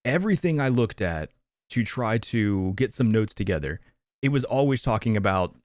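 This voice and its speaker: A man co-hosting a laid-back podcast from home, his pitch swinging up and down as he thinks aloud. He restarts sentences often and fills pauses with "um" and "like." The sound is dry and close. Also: expressive, darkish tone, dry recording. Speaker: podcast co-host. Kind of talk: casual podcast chat.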